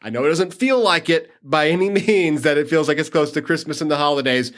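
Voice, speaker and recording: A man talks through upcoming city events in an upbeat, chatty way. His voice sits a bit higher than most men's. He rattles off dates and details with ease. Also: fairly quick, fairly bright tone. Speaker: city tourism manager. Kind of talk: casual interview talk.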